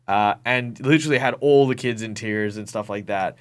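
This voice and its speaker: A man's voice: lowish voice, brisk, few pauses. A man with an Australian accent, a professional game master, talking over a video call as an interview guest, telling stories animatedly with many ums and restarts. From Perth, Western Australia. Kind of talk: casual interview talk.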